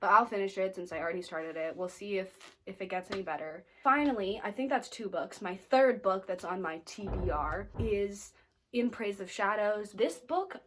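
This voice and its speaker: Brief: American woman, book vlogger, chatty and snarky, mid-pitched voice. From United States. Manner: chatty, lots of "like" fillers, playfully snarky. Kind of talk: casual reading wrap-up chat.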